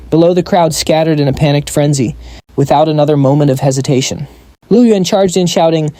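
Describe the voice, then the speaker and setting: A man's voice: fairly high pitch, moderate pace, dark tone, no echo. Man narrating a comic recap.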